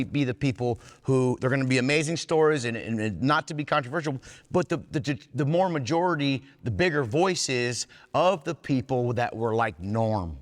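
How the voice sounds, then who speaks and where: A man giving an earnest, plain-spoken talk at a recovery workshop, folksy and blunt with some cursing. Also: medium pitch. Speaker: workshop speaker in recovery fellowship. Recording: long hall reverb.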